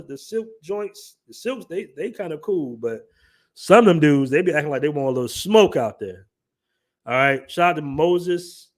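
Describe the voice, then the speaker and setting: A young man from the southern United States with an African American Vernacular English accent, hosting a livestream in loose, joking talk full of slang and reading the chat aloud. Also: medium pitch. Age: young adult. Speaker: livestream host.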